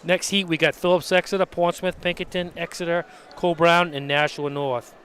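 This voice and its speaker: A man's voice: a little high, level tone, moderate pace, noisy background. A man giving casual live commentary on a track meet, calling out leads and reading heat line-ups in a matter-of-fact way.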